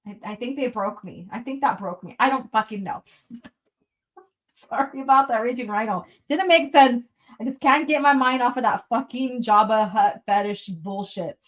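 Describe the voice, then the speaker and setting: A young woman with a somewhat high voice chats on her live stream from home. She rambles loosely, giggles often and swears freely while reading out viewer comments. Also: moderate pace. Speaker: livestream host reading chat. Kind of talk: casual live-stream chat. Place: at home, indoors.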